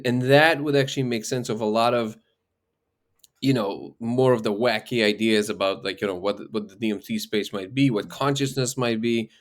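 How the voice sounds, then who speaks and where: A man being interviewed as a guest researcher, explaining ideas in casual conversation. He thinks aloud, restarts his sentences and often checks in with "right?". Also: mid-range voice.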